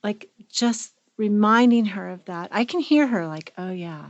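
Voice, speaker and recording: A woman's voice: mid-range voice, animated, a little slow, no echo, dull audio. A middle-aged woman co-hosting a therapy podcast, talking reflectively and with emotion. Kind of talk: casual conversational podcast.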